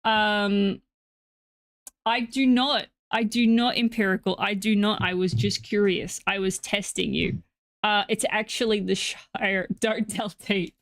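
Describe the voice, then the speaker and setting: A woman's voice: mid-range voice, fairly even intonation, measured pace. A woman streaming a game live, chatting casually with her viewers and talking to her pet in asides.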